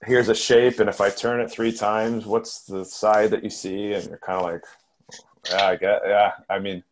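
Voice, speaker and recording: A man's voice: on the low side, flat delivery, moderate pace, slight background noise. A man, a hockey player guest on a podcast, chatting casually and rambling, often trailing off and restarting his sentences. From Canada.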